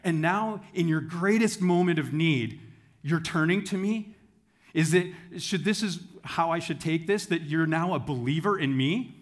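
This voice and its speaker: A man voicing God in a sermon joke, calmly and wryly questioning a lifelong doubter. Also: on the high side, a little slow, pitched above the performer's own voice, natural voice.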